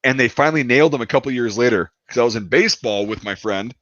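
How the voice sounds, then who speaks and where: A man's voice: medium pitch, fast, a bit bright, a little hiss or hum. Profane rambling male storyteller. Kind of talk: casual storytelling. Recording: dull, dry lo-fi sound.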